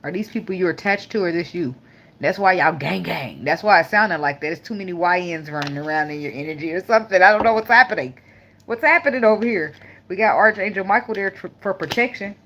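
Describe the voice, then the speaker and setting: A woman's voice: lowish voice, fast talker, a bit bright, muffled recording, slight background noise. A young woman giving a casual tarot reading, blunt, joking and full of swearing. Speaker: tarot reader.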